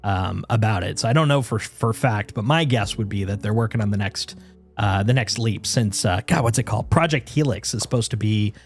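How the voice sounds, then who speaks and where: A man's voice: on the low side, fairly quick, faint music behind. A man streaming a game, chatting casually and rambling with lots of fillers and restarts. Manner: baby-talk to his dog. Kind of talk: casual chat while gaming.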